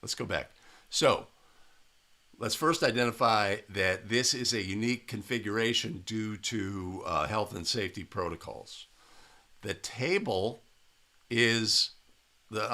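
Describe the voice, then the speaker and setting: A man with a bright, forceful voice breaks down a game clip for basketball referees. His tone is emphatic and coaching, and he keeps checking in with "right?" He sits at a desk mic in a small room. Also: on the low side, measured pace. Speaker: basketball officiating instructor. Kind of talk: video analysis commentary.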